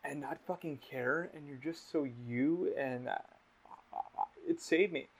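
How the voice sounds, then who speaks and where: A young man with a gravelly, creaky voice hosts a casual podcast chat. He talks emotionally, swears a lot and often restarts his sentences. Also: fairly high pitch, unhurried. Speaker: podcast host.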